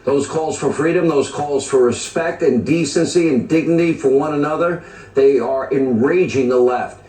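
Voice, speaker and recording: A man's voice: on the high side, normal speed, dark tone, echoey room, far from the mic, rough recording. Emphatic male TV commentator. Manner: emphatic, piles up lists of charged phrases. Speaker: TV news commentator. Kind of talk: opinionated TV commentary.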